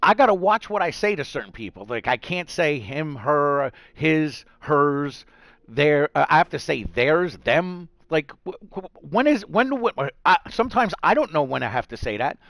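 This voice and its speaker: Profane ranting New man, gravelly. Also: a little high, very animated, moderate pace, a bit bright, dry recording. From New York. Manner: heated, profane ranting with mocking put-on voices. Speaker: gaming vlogger. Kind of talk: angry rant to camera.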